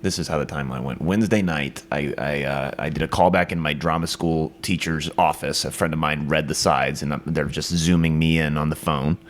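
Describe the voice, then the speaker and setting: A man's voice: a bass voice, fairly even intonation, a little fast, hardly any pauses. A man in his twenties from Iowa, an actor telling stories in a casual interview, rambling with restarts and frequent laughs. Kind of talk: casual storytelling.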